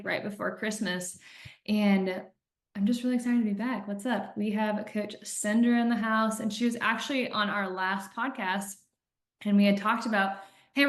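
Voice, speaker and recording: Chatty woman podcast host, roomy sound. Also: mid-range voice. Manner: chatty, animated storytelling with laughs. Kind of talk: casual podcast chat. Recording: roomy echo.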